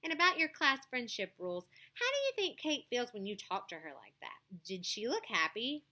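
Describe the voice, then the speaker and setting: Bright firm teacher lady, calm and clear, woman reading it. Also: on the high side, normal speed, pitched above the performer's own voice, heavily acted. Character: kind but firm woman schoolteacher.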